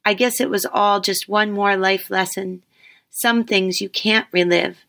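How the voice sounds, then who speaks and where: A woman's voice: mid-range voice, fairly even intonation, unhurried, creaky, fairly bright tone. A woman reading her own first-person story aloud, wry and self-deprecating in her telling.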